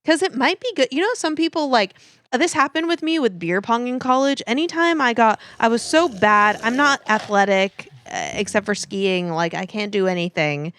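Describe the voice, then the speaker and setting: A woman's voice: a little high, lively intonation, moderate pace, a bit bright, no room sound, studio quality. A woman co-hosting a comedy podcast, chatting and teasing with lots of fillers. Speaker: podcast co-host. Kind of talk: casual comedic banter.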